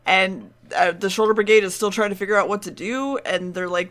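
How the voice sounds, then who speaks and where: A woman's voice: mid-range voice, a little fast, fairly bright tone. A woman co-hosting a podcast, chatting casually as she recaps an episode, laughing and swearing now and then. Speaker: podcast co-host.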